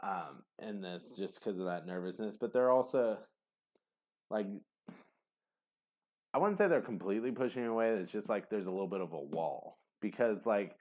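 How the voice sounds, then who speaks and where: A man's voice: on the low side, animated, normal speed, a little mellow. A man giving a casual tarot reading to camera, rambling and hesitant, with many fillers. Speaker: tarot reader.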